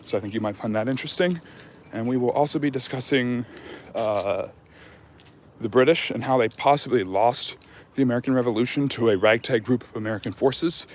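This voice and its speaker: A man hosts a relaxed history Q&A livestream while still catching his breath from a jog. His talk rambles, with many fillers and restarts. His voice sits at an ordinary middle pitch for a man. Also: brisk, slight background noise. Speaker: history channel host. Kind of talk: casual livestream Q&A chat.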